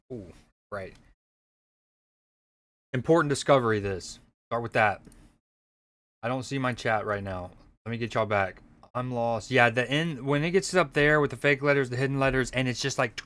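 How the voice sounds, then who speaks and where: A man's voice: medium pitch, moderate pace, pauses often. A man streaming, chatting casually with his viewers as he reacts to clips. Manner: relaxed, chatty, talks to his chat.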